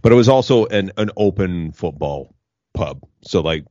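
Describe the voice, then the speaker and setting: A man's voice: low-pitched, animated, moderate pace, darkish tone, no room sound, muffled recording. A man co-hosting a podcast, telling a rambling story in casual chat. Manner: rambling, lots of fillers and backchannels. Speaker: podcast co-host.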